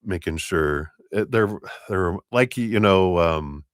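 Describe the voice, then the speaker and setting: A man reading tarot cards on a live stream, talking in a relaxed, meandering way with many fillers and now and then raising his voice to act out spirit voices. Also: slow pace, no room sound, clean studio sound. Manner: acts out spirit voices in a raised pitch, laughs often. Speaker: tarot reader.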